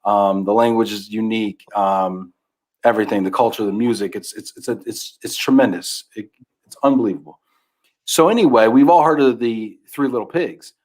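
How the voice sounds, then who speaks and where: With a fairly low pitch and moderate pace, a man on a podcast relates a children's book as a guest in relaxed conversation. He's an expressive storyteller who keeps trailing off into mumbles.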